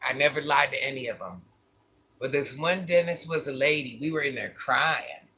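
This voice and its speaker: A man's voice: medium pitch, animated, moderate pace, pushed and bright, husky. A man vlogging, casually telling his viewers a personal story, candid and repeating phrases for emphasis.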